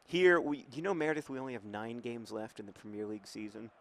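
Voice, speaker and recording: A man's voice: medium pitch, lively intonation, fast talker, a bit bright. A man hosting a football management game in casual, rambling, wry commentary, his mouth numb after oral surgery.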